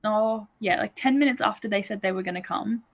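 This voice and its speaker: A woman's voice: medium pitch, brisk. A woman hosting a live reading sprint with friends. She talks in an easy, laid-back way with plenty of "um"s and laughs. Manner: relaxed, laughs often, trailing fillers.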